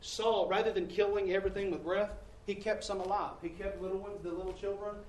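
A man preaching a sermon, telling a personal story and confessing, moving from hushed passages to loud, exasperated outbursts. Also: high voice, fairly even intonation, fairly quick, slight background noise. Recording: echoey room, distant mic, faint ambience.

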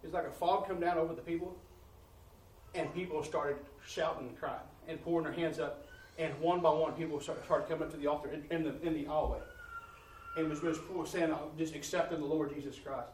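Animated preacher telling a story from afar. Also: male voice, a little high, brisk, slight background noise. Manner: animated storytelling with laughter and repeated "I said". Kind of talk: sermon testimony. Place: church sanctuary. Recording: roomy church audio from a distance.

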